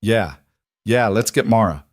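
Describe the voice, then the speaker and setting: A man's voice: on the low side, animated, measured pace, dry recording, studio quality. A man voicing a tough but tender cowboy father in an earnest, emotional way.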